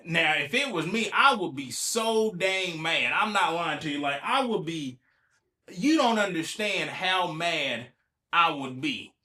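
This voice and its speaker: On a casual solo podcast, a man from Ohio, USA, chats loosely while feeling a little sick, repeating himself and talking back to news headlines in colloquial speech. His voice sits on the high side with lively intonation and an unhurried pace. It sounds pushed and bright, and the room is echoey.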